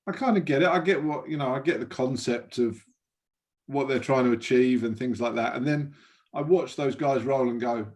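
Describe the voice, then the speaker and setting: A man co-hosting a podcast over a video call, asking halting questions and laughing often. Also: medium pitch, a little mellow. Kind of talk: casual interview chat.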